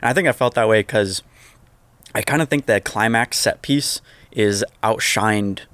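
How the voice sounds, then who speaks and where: Man chatting fast about movies. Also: fairly low pitch, no room sound. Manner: animated, laughs often, quick asides. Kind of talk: casual film discussion.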